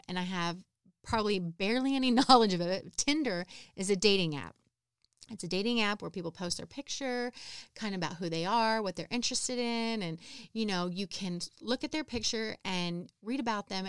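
Woman in her thirties, casual podcast host, chatty and self-deprecating, smooth clear voice, dry close sound. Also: medium pitch, fairly bright tone, no room sound. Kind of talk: casual solo podcast chat.

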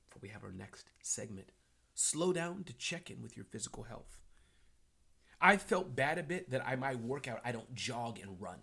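A man hosting a live motivational talk and reading chat comments aloud. He repeats his key phrases and swings from hushed whispers to loud, fired-up bursts. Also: mid-range voice, husky. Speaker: live-stream host.

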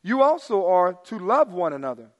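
High-voiced animated preacher in a hall. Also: male voice, normal speed, muffled recording. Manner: animated, swings from loud emphasis to hushed asides. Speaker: pastor. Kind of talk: sermon. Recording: long hall reverb.

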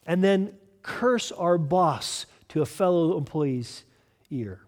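A male pastor preaching a sermon with emphatic delivery, swinging from loud urgent lines to hushed ones. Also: high voice, expressive, takes it slowly, big-room sound.

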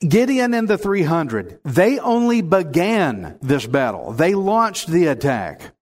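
A man's voice: very animated, takes it slowly. A man preaching a sermon, talking earnestly and conversationally as he reads and explains scripture and acts out voices. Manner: drops low and soft in prayer. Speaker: pastor teaching the Bible. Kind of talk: sermon with prayer and Bible reading.

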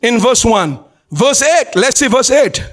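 A male pastor preaching a sermon in an exclamatory style, calling out to the congregation and often laughing and shouting for emphasis. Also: very high voice, very animated, measured pace. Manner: exclamatory preaching with call-and-response.

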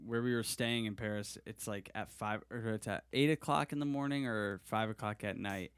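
A man's voice: lowish voice, moderate pace, smooth, no echo. A man co-hosting a casual podcast, laid-back and tossing in dry one-liners. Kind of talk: casual chat.

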